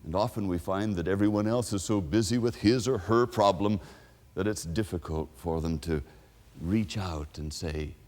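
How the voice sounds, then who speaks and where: Pastor, male, low voice, lively storytelling sermon delivery, long church reverb. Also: normal speed. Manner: expressive storytelling, acts out quoted people.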